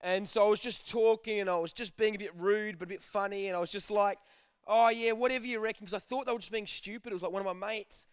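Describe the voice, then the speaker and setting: A man's voice: high-pitched, fairly even intonation, fast talker, few pauses, clear, resonant tone, no echo, studio quality. A young man giving a casual, joking sermon to a youth group, telling stories and acting out bits of dialogue. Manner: chatty, jokey, acts out dialogue. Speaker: youth preacher.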